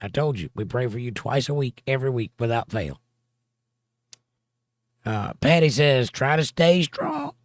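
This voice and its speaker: A man's voice: medium pitch, moderate pace, pauses often, dry recording. Dry-sounding male livestream host. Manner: reads viewer comments aloud in a steady conversational drawl. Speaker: livestream host reading chat. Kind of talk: casual chat.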